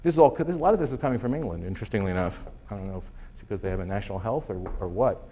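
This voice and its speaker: A conference speaker lectures in a hall, pressing his points with sarcasm, emphasis and rhetorical questions. His fairly low voice is warm and expressive, delivered at rapid-fire speed.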